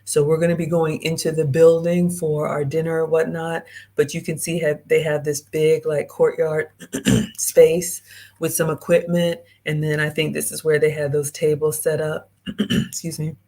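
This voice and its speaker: A woman hosts a live-streamed travel vlog, chatting directly to her viewers and reading their comments aloud. Her voice is low, dark, and level in tone, with a moderate pace.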